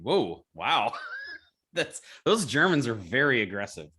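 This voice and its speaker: A man's voice: mid-range voice, very animated, slow, sharp tone, breathy edge. A man co-hosting a comedy podcast, teasing and sarcastic in casual chat. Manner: teasing, sarcastic, laughs along. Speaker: podcast co-host.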